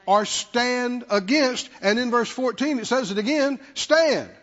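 Man, pastor, sermon, unusually high voice, slow deliberate delivery, call-and-response, long hall reverb, muffled lo-fi recording. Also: fairly bright tone. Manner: emphatic, repetitive call-and-response with the congregation.

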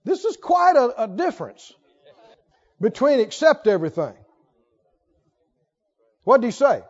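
A man's voice: extremely high pitch, very animated, unhurried, long reverb tail. A man preaching a sermon, emphatic and laughing often as he asks the congregation questions. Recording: dull lo-fi recording.

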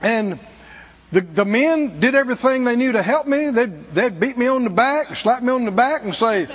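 A male preacher gives a storytelling sermon, animated and self-mocking. His husky voice sits high and swings widely in pitch. The recording is dull and muffled, with a long hall reverb. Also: moderate pace. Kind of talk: testimony sermon. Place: church.

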